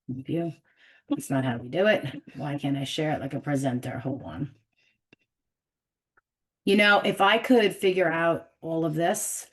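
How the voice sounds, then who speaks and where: Chatty New York woman hosting a webinar. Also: low voice. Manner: chatty, self-deprecating, fumbling with tech. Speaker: webinar host. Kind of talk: casual live webinar chat. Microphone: video call.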